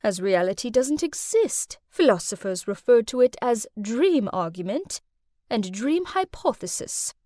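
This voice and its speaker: A woman voicing a calm, wise female tutor in an animated story, lecturing in a measured way and fond of proverbs. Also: a little high, no echo, clean studio sound.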